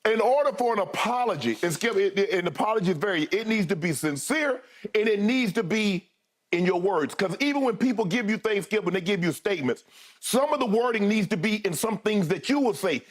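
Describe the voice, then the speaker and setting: Man, sports debate co-host, high voice, emphatic and colloquial, keeps pressing his partner. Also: lively intonation, a little fast.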